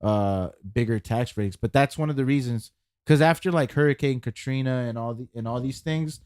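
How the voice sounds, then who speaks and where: A man's voice: mid-range voice, moderate pace, darkish tone, clean tone, dry recording, studio quality. A man co-hosting a podcast in casual chat, rambling with lots of fillers and repeating words as he thinks. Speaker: podcast co-host.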